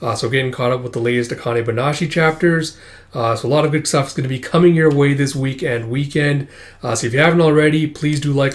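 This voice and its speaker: A young man hosting a casual manga read-through, chatty and full of fillers, raising his voice when he reads the characters' lines. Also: mid-range voice. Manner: chatty, many fillers, laughs while reading, raises voice for quoted lines. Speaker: manga reaction host.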